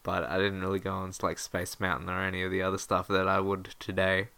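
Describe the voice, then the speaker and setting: A man's voice: deep voice, completely flat delivery, fairly quick, creaky, pushed and bright, a little hiss or hum. A laid-back man co-hosting a casual podcast chat, laughing easily as he talks. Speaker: podcast co-host.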